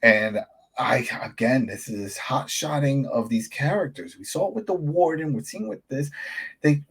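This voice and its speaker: A man co-hosting a podcast, chatting casually about a TV episode and jumping into high voices to act out characters. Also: slightly rough. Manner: animated, acts out characters in sudden high-pitched voices. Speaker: podcast co-host, editor. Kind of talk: casual review chat.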